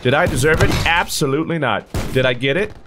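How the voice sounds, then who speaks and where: A young man narrates his own match with goofy, teasing trash talk and sudden excited yelps. His pitch leaps around constantly, swinging from low mutters to high squeals. Game music and gunfire play clearly under his voice. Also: very fast. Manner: playful, jokey trash talk, animated outbursts. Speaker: gaming YouTuber. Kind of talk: live gameplay commentary.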